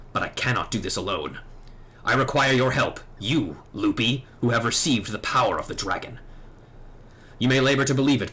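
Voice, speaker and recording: A man's voice: mid-range voice, a bit bright, breathy edge. A man voicing a grave, formal older knight who once taught dragoons, read out from a game. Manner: formal, grave storytelling delivery.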